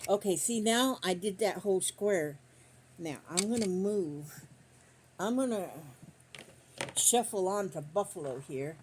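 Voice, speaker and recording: An older woman records herself on a phone on a stand as she sews quilt squares, rambling casually through folksy stories with chatty country charm. Her pitch is fairly low, her delivery unhurried with frequent pauses, and background noise is present.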